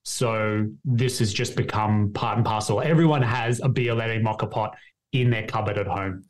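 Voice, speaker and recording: A man with an Australian accent, a guest in a casual interview, explaining in a relaxed way. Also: fairly low pitch, normal speed. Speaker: guest, coffee seller.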